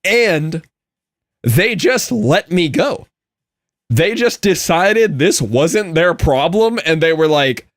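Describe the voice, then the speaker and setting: A man's voice: fairly high pitch, dry recording. Laughing young man telling a story, dry mic. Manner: animated storytelling, laughing often, quick asides. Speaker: Minecraft streamer. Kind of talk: casual live-stream chat with viewers.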